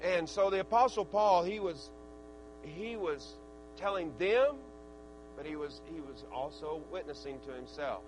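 A middle-aged man preaching a sermon in a folksy, earnest way, his loudness rising and falling. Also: fairly high pitch, expressive, unhurried, noisy background.

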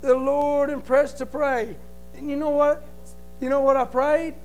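A middle-aged man giving an impassioned testimony in church, pleading and rising to shouts. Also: very high voice, little pitch movement, measured pace, faint music behind, low-quality recording. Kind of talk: preaching testimony.

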